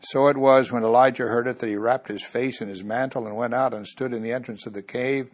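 A man's voice: mid-range voice, steady tone, fairly quick. A man preaching a sermon, earnest, bringing the story's voices to life as he goes.

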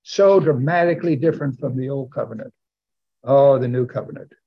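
Animated preacher man, lo-fi recording. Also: mid-range voice, brisk, husky. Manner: animated, rising to exclamations and calls for amens. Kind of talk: sermon.

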